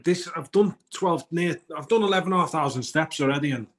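A man's voice: fairly high pitch, fast talker. A man with a British accent co-hosting a morning wellness chat, talking earnestly and rambling with many restarts. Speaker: co-host of a morning wellness show. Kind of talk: casual morning show chat.

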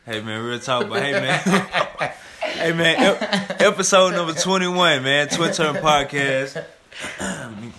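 A man co-hosting a podcast, talking in loose, profane, slangy banter full of filler phrases. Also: mid-range voice. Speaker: podcast co-host. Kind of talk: casual chat.

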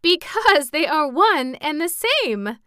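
A woman's voice: sits high, sing-song, a little slow, fairly bright tone, clear, resonant tone, dry recording, studio quality, voice pushed up, heavily acted. A woman voicing a teasing, mischievous young girl interpreter in a storybook reading. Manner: teasing and playful.

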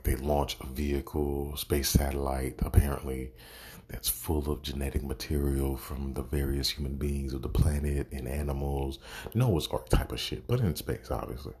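A man's voice: rumbling low, warm tone, husky. A man giving a casual, profane movie review, exasperated and sarcastic, swearing constantly.

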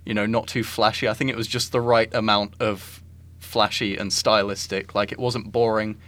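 A man's voice: fairly low pitch, level tone, moderate pace, fairly bright tone. A man co-hosting a podcast, chatting casually about films, with lots of "like" and "I think" fillers. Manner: rambling, many "like" and "I think" fillers. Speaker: podcast co-host. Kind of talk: casual film discussion.

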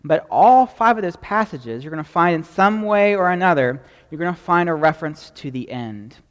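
A man's voice: a little high, expressive, normal speed, long reverb tail. A man preaching a sermon in a conversational way, often checking in with "right?" as he teaches. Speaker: pastor.

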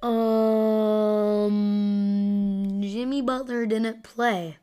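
A woman's voice: on the high side, fairly even intonation, very slow, mellow, smooth. A young woman hosting a podcast, rambling through live sports stats in a casual way, with lots of fillers as she thinks aloud. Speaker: podcast host.

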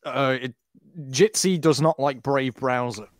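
A man's voice: medium pitch, dry recording, studio quality. A man chatting casually on a group voice call, laughing and sorting out browser trouble. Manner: lively, laughing, quick tech chatter. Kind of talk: casual voice-chat banter. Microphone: home computer mic on a voice call.

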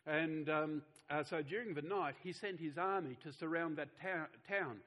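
A man's voice: fairly high pitch, moderate pace, fairly bright tone, poor audio. A middle-aged man, preaching a sermon in an earnest, conversational way with frequent restarts. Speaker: pastor.

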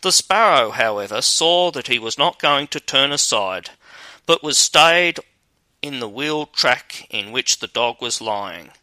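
Slow, bright-voiced man reading a fairy tale. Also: medium pitch, dry recording, poor audio. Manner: steady, measured storytelling. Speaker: narrator.

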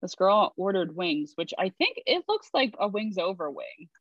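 A young woman co-hosting a casual podcast, agreeable and quick to react. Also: medium pitch, breathy edge, no echo. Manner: lively, agreeable, reads tweets aloud. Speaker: podcast co-host. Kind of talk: casual chat. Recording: dry, dull lo-fi sound.

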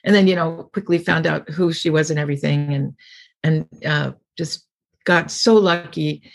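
A woman's voice: low voice, steady tone, normal speed, gravelly. A middle-aged woman comedian being interviewed, telling rambling anecdotes and acting out the people she quotes. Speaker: comedian guest. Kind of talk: casual storytelling interview.

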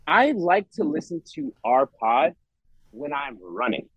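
A man co-hosting a casual podcast, his voice swinging up and down as he rambles and restarts. There is a husky edge to his fairly high voice. The audio is dry and a little dull. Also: a little slow, no echo. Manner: animated, rambling, restarts a lot. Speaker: podcast co-host. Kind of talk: casual chat.

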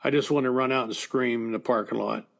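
An older man who used to coach baseball tells a personal, emotional story in a podcast interview, speaking plainly and conversationally with fillers and restarts. His medium-pitched voice stays steady, has vocal fry, and comes out fast.

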